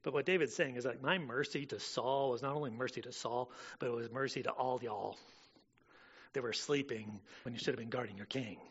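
A man preaching a sermon in a casual way, full of fillers, rising loud and dropping soft. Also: medium pitch, fairly quick, slightly rough, lo-fi sound. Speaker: pastor.

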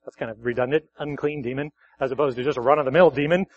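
A pastor preaching a sermon at a church service, talking conversationally, correcting himself and asking the congregation questions. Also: male voice, medium pitch, fairly even intonation, fast talker, a little mellow, muffled recording.

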